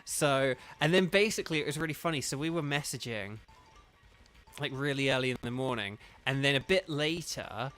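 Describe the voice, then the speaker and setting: A man's voice: mid-range voice, fairly bright tone. An English man, a voice actor, chatting casually on a livestream, rambling with many fillers and restarts. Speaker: streamer and voice actor.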